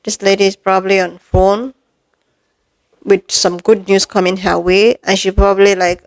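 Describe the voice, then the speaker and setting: A woman's voice: mid-range voice, steady tone, moderate pace, low-quality recording. A woman vlogger giving heated commentary to camera, firing off emphatic rhetorical questions and calling her viewers "lovelies". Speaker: commentary creator.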